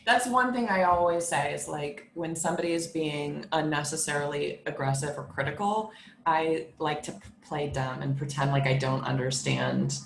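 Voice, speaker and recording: A woman co-hosting a sales podcast, chatting in a relaxed, wry way. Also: deep voice, moderate pace, vocal fry. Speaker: podcast co-host. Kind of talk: casual advice chat. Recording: echoey room with faint background noise.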